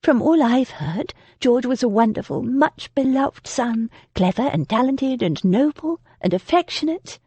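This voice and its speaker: A woman's voice: fairly high pitch, expressive, measured pace, hardly any pauses, slightly rough, dry recording, lo-fi sound, voice pushed up. A woman voicing a composed, defiant young heroine who speaks coolly and firmly. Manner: cool and firm, gentle.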